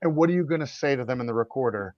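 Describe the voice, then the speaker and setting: A middle-aged man co-hosting a podcast, talking casually in animated bursts and going on a passionate rant. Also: mid-range voice, no room sound. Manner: animated, ranting, quick bursts. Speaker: podcast co-host. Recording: dry, slightly dull audio.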